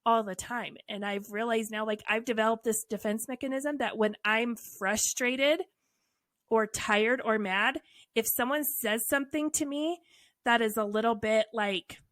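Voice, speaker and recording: Woman on a podcast, kinda high voice, dry close sound, blunt and animated storytelling. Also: measured pace, dry recording. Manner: frank, animated storytelling with wry asides. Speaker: podcast co-host. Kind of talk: candid casual conversation.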